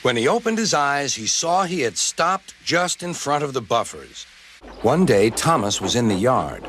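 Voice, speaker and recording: A man reading a children's story aloud in scripted narration, expressive, doing the characters' voices himself. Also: mid-range voice, moderate pace, over music.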